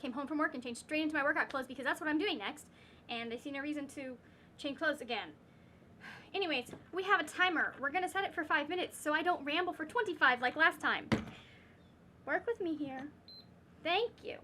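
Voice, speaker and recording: A woman's voice: high-pitched, brisk, sharp tone, slight background noise. A woman chatting casually as a book vlogger at home, rambling and ranting with lots of fillers and restarts. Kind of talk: casual reading vlog chat.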